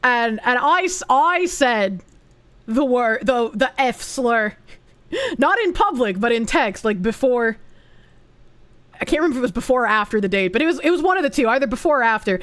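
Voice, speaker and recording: A woman with a high voice who rambles through a casual stream, cursing freely and laughing often. She trips over her words and restarts mid-thought. Her voice is dry and close to the microphone. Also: expressive, moderate pace, a bit bright, no room sound. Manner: crude, heavily profane, laughs often; rambling and self-interrupting. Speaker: VTuber streamer. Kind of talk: casual reaction stream chat.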